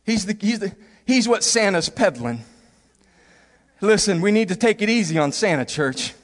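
A man preaching a sermon, animated and funny, acting out little scenes in different voices and laughing often. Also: high voice, normal speed, in a large hall. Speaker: pastor.

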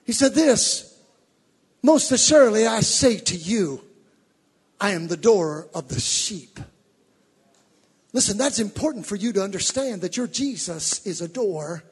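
A male preacher giving a fervent sermon, rising from teaching to shouted exhortations. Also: sits high, lively intonation, unhurried, long pauses, slightly rough, in a large hall.

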